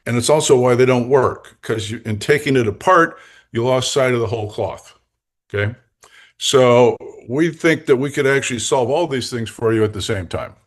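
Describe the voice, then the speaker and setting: An older man telling lively, jokey stories as a guest coach in an interview, laughing between lines. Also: mid-range voice, moderate pace. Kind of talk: anecdotal storytelling in a podcast interview.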